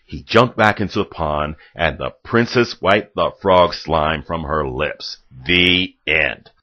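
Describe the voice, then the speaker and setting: A man reading a children's storybook aloud, calm and careful. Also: very deep voice, slow, lo-fi sound. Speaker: reader.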